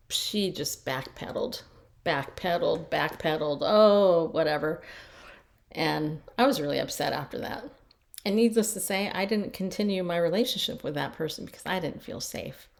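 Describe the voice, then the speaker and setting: A middle-aged woman life coach telling personal stories in a chatty, casual way, often repeating herself as she restarts. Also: lowish voice. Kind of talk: casual storytelling talk.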